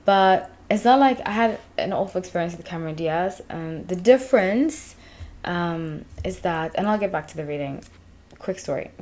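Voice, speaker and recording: A woman's voice: lowish voice, a little mellow. A woman in her thirties from England and South Africa, hosting her channel and telling a long, digressive story in casual chat. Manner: chatty, digressive, many fillers. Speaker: tarot reader, channel host.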